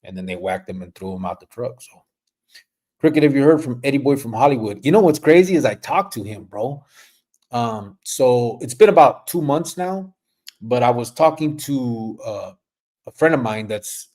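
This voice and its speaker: A middle-aged man hosts a relaxed, rambling livestream, reading out comments and tossing in Spanish slang. He speaks in a mid-range voice at a moderate pace.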